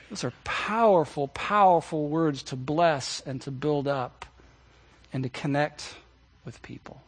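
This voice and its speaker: A man's voice: fairly high pitch, measured pace, breathy edge. A man preaching a sermon as pastor, speaking earnestly and directly to his congregation, repeating key phrases for emphasis. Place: church service.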